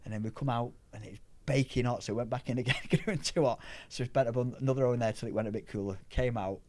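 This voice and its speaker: A middle-aged Englishman chatting as an interview guest, his voice sitting at an ordinary middle pitch. He tells long, lively anecdotes, stumbling and restarting as he goes. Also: fast. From England. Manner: rambling, animated anecdotes with restarts. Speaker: powerlifter guest. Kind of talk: casual storytelling chat.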